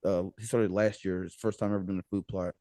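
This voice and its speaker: Lively low-voiced American man telling a story. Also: fast talker, dry recording. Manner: animated, laughing, retells with quoted dialogue. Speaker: podcast guest. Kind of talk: casual storytelling.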